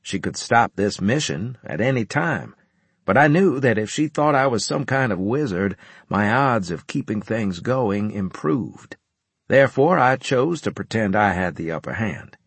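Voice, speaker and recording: A man reading a first-person audiobook narration in a measured, wry storytelling manner. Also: on the low side, lively intonation, slightly rough, no room sound.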